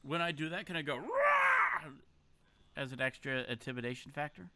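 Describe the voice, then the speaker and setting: A man's voice: mid-range voice, fast, heavy background noise. A man playing a tabletop role-playing game, chatting eagerly and joking. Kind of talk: casual game-table chat.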